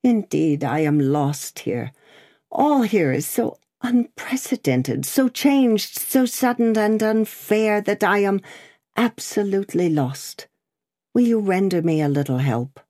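A woman's voice: medium pitch, very animated, takes it slowly, warm tone, no room sound, studio quality, voice pushed up. A woman reading an audiobook, voicing an anxious, indignant male prisoner in his late thirties who protests and pleads. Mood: pleading.

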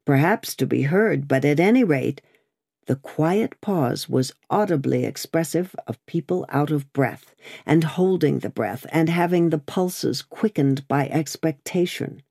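A woman narrating an audiobook in a steady, measured reading voice. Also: sits low, gravelly, no echo, studio quality.

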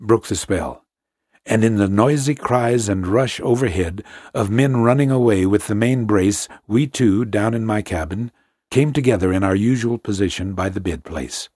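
A man narrating a story in the first person, measured and tense. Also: on the low side, a little mellow, husky, no room sound, clean studio sound. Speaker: audiobook narrator.

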